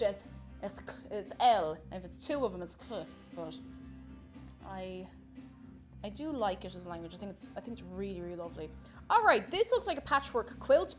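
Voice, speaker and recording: Irish female streamer, a touch high-pitched, relaxed cooking chat, faint music bed. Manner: chatty, reads chat aloud and answers viewers.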